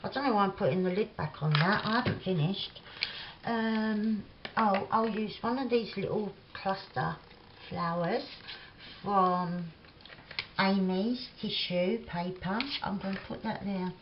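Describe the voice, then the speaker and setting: Slow, chatty Cockney woman crafting. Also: medium pitch, highs cut off, noisy background. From England. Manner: rambling and chatty, lots of "like" fillers, laughs often. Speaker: craft vlogger. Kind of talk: chatty crafting vlog, reminiscing while working. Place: home kitchen craft table.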